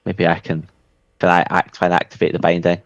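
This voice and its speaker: Deep gravelly man, hesitant player. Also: completely flat delivery, brisk, no echo, muffled recording. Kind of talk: casual tabletop play.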